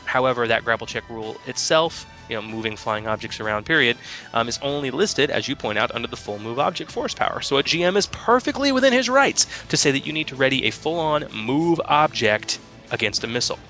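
A man co-hosting a tabletop gaming podcast, explaining rules in a chatty, rambling way full of fillers. His voice is bright and forward, with faint music under it. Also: mid-range voice, very animated, a little fast. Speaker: podcast co-host and game master. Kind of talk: casual gaming podcast chat.

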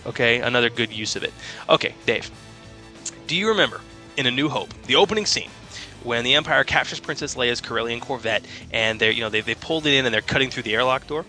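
A man co-hosting a tabletop gaming podcast, explaining rules in a chatty, rambling way full of fillers. His voice is bright and forward, with faint music under it. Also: mid-range voice, quick pace. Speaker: podcast co-host and game master. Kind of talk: casual gaming podcast chat.

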